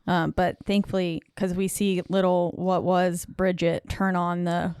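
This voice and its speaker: Low-voiced woman gushing over film scenes. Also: little pitch movement, a little slow, darkish tone, clear, resonant tone, no echo, clean studio sound. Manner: chatty, enthusiastic about scenes, fillers like "um" and "like". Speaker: podcast co-host recapping a film. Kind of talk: casual chat.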